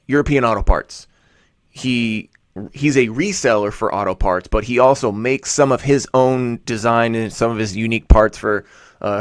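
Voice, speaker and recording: A man's voice: mid-range voice, dry recording. A man giving a casual explanatory monologue, rambling and self-correcting, with sarcastic asides. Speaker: vlogger.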